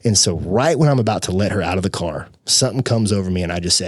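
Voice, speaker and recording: A young man, a podcast guest, telling his personal story with emotion, animated and acting out the voices of the people in it. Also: low-pitched, quick pace, dry recording, clean studio sound. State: tearful.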